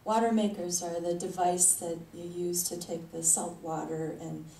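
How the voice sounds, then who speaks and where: Warm-voiced woman preaching in an echoey hall. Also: on the low side, level tone, normal speed, creaky. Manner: conversational, chuckling often. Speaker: spiritual leader. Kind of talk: sermon. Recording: echoey hall, mic at a distance, faint noise.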